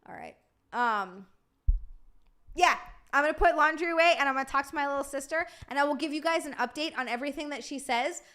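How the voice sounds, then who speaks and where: A woman hosting a livestream, rambling warmly through thank-yous, tired from lack of sleep. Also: sits high, fairly quick. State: sleep-deprived. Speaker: livestream host. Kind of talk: casual stream sign-off chat.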